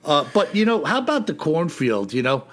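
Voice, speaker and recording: A man co-hosting a podcast in relaxed, rambling chat. He drops in casual fillers often. His voice sits slightly high. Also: moderate pace. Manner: laid-back, says "man" and "you know" a lot. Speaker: podcast co-host.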